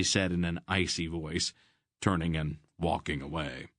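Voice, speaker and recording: A man narrating a fantasy audiobook in an even, measured storytelling voice. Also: low voice, no room sound, studio quality.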